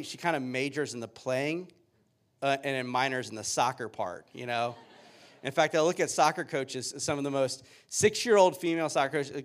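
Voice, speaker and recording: A man in his thirties, a pastor giving a sermon with upbeat, joking storytelling. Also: mid-range voice.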